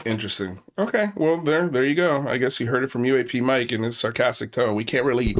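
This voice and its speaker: A man's voice: medium pitch, quick pace. A man hosting a casual commentary stream, mocking and profane as he talks. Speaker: host.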